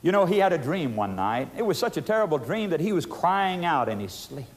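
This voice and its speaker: A man in his sixties preaches with dynamic force, his fairly high voice rising into urgent, pleading questions and dropping to a near-hush. He keeps calling his listeners "friends" and presses them hard for an answer. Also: big pitch swings, brisk. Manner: dynamic, dramatic swings from loud pleading to hushed intensity. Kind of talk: evangelistic sermon.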